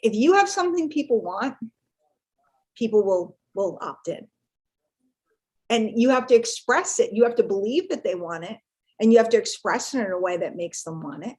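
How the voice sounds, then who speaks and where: A woman's voice: mid-range voice, expressive, moderate pace, darkish tone. A middle-aged woman speaking casually and playfully on a live webinar, repeating herself for emphasis. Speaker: guest speaker on marketing webinar.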